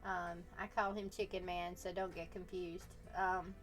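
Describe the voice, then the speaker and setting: Slow, playful woman chatting on stream. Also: on the low side, flat delivery, soft background music. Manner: teasing, playful, laughs often. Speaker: artist live-streaming and chatting with viewers. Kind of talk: casual live-stream chat.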